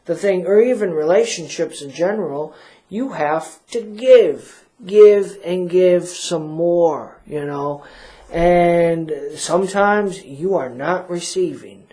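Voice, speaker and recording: A male radio talk host who drawls along at an unhurried pace, circling his point with fillers and self-mocking asides. He sounds relaxed and chatty, as if in a small radio studio. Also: high-pitched, husky.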